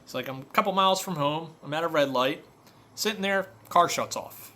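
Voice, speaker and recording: A man's voice: on the high side, a little fast, pushed and bright. A man who runs a car repair shop, telling customer stories in a loose, filler-heavy rant. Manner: conversational storytelling, many fillers. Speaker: auto repair shop owner. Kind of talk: casual monologue rant.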